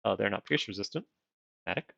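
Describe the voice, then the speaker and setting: A rambling man streams a strategy game and thinks out loud, poking fun at himself as he goes. His voice is gravelly and his speech slightly affected by dental retainers. The mic sounds dry and a little dull. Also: on the low side, lively intonation, a little fast, no room sound. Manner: rambling, self-deprecating, thinks aloud. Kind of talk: casual game livestream chat.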